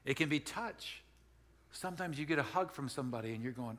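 In a long, reverberant hall, a middle-aged Wisconsin pastor gives a homey, conversational sermon, often circling back and restarting his words. He sounds mid-range, animated, brisk, and fairly bright.

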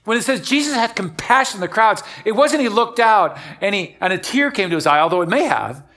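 A male pastor preaching a sermon to a church and online audience, moving from hushed, slow lines to loud, repeated emphatic phrases. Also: sits high, lively intonation.

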